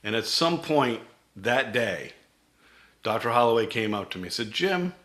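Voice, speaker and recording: A man's voice: fairly low pitch, animated, moderate pace, a bit bright. A middle-aged man, a company CEO, telling his founding story in a vivid presentation that acts out quoted dialogue.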